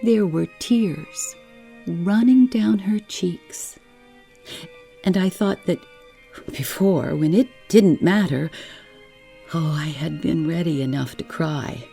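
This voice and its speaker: A woman narrating a bedtime story in a soft, soothing way. Her voice is low, dark and gravelly, with a husky, breathy edge, and she reads slowly over faint background music.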